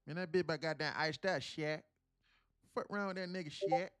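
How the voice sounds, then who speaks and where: A man voicing a loud, boastful young man with a Southern US accent who talks in street slang, drawling and brash. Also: fairly high pitch, brisk, clean tone, no echo, clean studio sound, natural voice. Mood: brash boasting.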